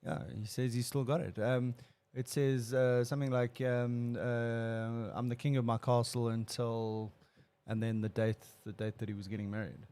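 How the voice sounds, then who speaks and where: Man, mid-pitched, rambling host who laughs easily. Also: level tone, moderate pace, mellow, clear, resonant tone. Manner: chatty, rambling, laughs often. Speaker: podcast host. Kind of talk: casual chat.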